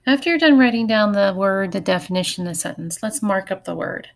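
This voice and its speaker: A woman teacher talks through a recorded phonics lesson at a mid pitch. She is patient and clear and takes each step slowly, and her voice has a gravelly fry. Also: lively intonation.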